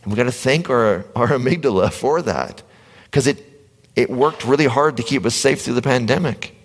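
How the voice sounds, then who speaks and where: A man giving an animated motivational talk to a live audience in a gym, acting out inner voices and sometimes dropping to a whisper. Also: mid-range voice, moderate pace, husky. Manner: animated, acts out quoted inner voices, drops to a whisper at times. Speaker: motivational speaker. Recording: long reverb of a large hall.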